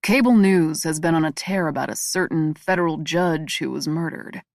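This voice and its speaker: Female narrator doing a composed male crime boss: low, gravelly, understated, close and dry. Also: normal speed, no room sound. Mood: dry, calm.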